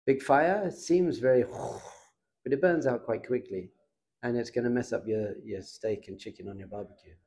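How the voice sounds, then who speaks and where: A middle-aged man, a rabbi, giving an informal Torah class in a lively, conversational way and putting questions to his students. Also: mid-range voice, normal speed.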